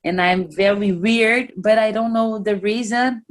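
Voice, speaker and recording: This Portuguese-speaking woman, a musician being interviewed casually, has a mid-range voice. She speaks slowly in English, halting and candid as she hunts for the right words.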